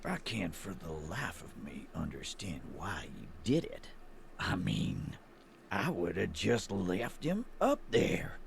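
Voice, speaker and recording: A crude, mocking game dockworker who sneers in a drawling put-on Southern-style voice. The voice is low and gravelly, swinging widely in pitch, and it moves slowly. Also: male voice, wildly swooping pitch, slight background noise, full character voice.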